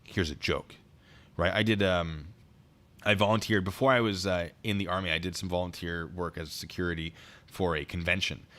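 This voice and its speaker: A young adult man with a low voice, speaking a little fast, casually tells funny stories from his time as a military police officer. He's animated, acts out the voices of the people involved, and describes his humor as deadpan.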